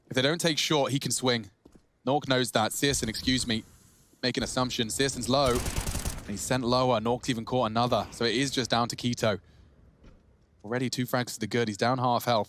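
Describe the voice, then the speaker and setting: A man doing fast, excitable play-by-play for a competitive shooter match, joking with his co-caster. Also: medium pitch, a little hiss or hum. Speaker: esports caster. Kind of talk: play-by-play commentary.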